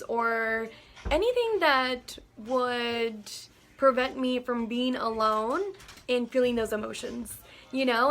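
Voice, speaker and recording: A woman talking earnestly and gently in a casual, heartfelt monologue to camera, often saying "like" and "you know". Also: a little high. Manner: earnest and gentle, with many likes and you-knows. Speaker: vlogger sharing personal reflections.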